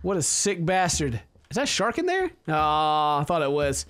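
A man's voice: a little high, very animated, moderate pace, a bit bright, clean tone. A man hosting a casual let's play, joking and exclaiming as he plays. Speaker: gaming channel host.

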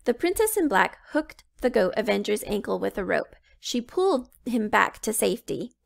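A woman reading a children's storybook aloud, slow and expressive. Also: mid-range voice, gravelly. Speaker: children's book reader.

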